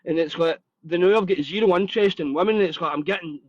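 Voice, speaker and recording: A man hosting a casual live podcast chat, blunt and sweary but warm and open. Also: sits high, fast, muffled recording, over a noisy crowd. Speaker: host.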